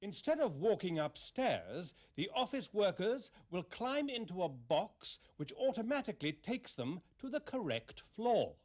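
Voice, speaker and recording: A man's voice: high voice, big pitch swings, a little slow, few pauses, darkish tone. A man reading a news report in a formal way. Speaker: newsreader in a sketch.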